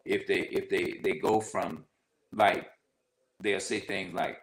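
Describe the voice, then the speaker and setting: A man's voice: fairly even intonation, unhurried, low-quality recording. A man talking casually to camera, repeating himself and often checking that the listener follows. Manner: repetitive, conversational, often asks "you see what I'm saying"; acts out quoted voices with sharp jumps in pitch. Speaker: vlogger.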